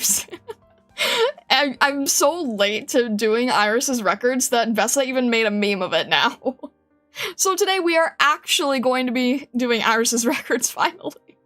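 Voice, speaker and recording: A woman's voice: fairly high pitch, sharp tone. A woman streamer chatting casually with her viewers, giggling often and rambling with many restarts. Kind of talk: casual live-stream chat.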